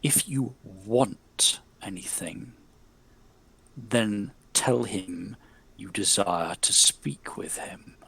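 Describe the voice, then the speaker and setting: A man voicing an eerie spirit that speaks slowly and low, with a honeyed tone. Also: creaky, fairly bright tone, husky, full character voice. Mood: menacing. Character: shimmering genderless spirit, slow, honeyed and eerie.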